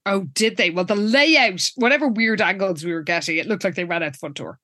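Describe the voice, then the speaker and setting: A woman's voice: medium pitch, fairly quick, sharp tone, no echo, clean studio sound. A young woman, chatting casually and laughing as she recaps a TV episode with a co-host. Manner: giggly, chatty, narrates plot. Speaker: podcast co-host. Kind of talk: casual chat recapping a TV show.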